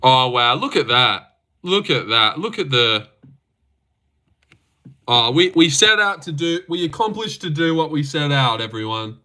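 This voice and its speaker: A young man hosting a casual livestream, reacting to fights in a loose, sweary, excitable way into a desk mic. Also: fairly high pitch, unhurried. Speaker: livestream host.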